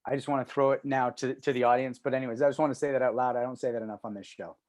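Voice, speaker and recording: A man's voice: medium pitch, steady tone, rapid-fire, a little mellow, no room sound. Earnest rambling man on a video call. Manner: earnest, rambling, swears freely. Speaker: podcast co-host. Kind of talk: casual chat.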